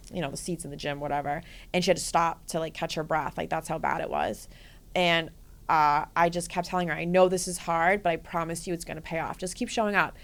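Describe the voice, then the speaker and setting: A woman fitness coach as a podcast guest, telling stories in a casual, energetic way, swearing freely and often adding "right?". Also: lowish voice, smooth. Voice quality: profane, energetic, frequent "right?" and "like". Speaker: guest, bodybuilding and life coach. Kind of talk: casual storytelling interview.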